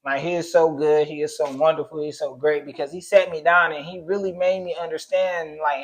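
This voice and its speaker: A man's voice: a little high, flat delivery, a little fast, hardly any pauses, low-quality recording. A young adult man co-hosting a casual talk, recounting a personal story earnestly with many fillers and talk of faith. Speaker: co-host.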